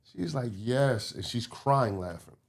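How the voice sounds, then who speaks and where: A man from the Baltimore and DC area, a comedian guest telling his story in a casual podcast chat, animated and slipping into quick city impressions. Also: mid-range voice, creaky.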